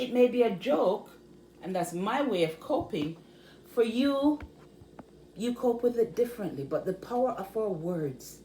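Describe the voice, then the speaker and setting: A woman's voice: mid-range voice, dark tone. A woman from Jamaica with a Jamaican accent, talking casually to her viewers in a vlog and repeating words for emphasis. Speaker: vlogger. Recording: echoey room with faint noise.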